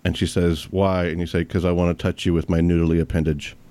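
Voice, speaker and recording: A man's voice: low voice, flat delivery, dark tone. A man hosting a comedy podcast, telling stories in casual chat and laughing through them. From raised in a preacher's family. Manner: laughs through his stories, quick asides. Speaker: podcast host.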